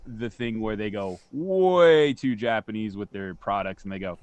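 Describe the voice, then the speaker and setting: A man co-hosts a loose podcast and speaks into a headset. He tosses out dry, crude teasing jokes in a relaxed, offhand way. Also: lowish voice, moderate pace, few pauses, smooth, no room sound. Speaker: podcast co-host. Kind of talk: casual podcast chat.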